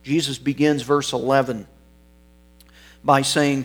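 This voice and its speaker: A man's voice: medium pitch, takes it slowly. A man preaching an expository sermon, reading scripture and stressing key words, once correcting himself mid-sentence.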